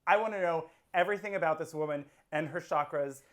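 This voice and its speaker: A woman co-hosting a relaxed recap show, with a somewhat low voice. She talks in a chatty, opinionated way and agrees with her co-host easily. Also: fast talker. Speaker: podcast co-host. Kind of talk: casual chat.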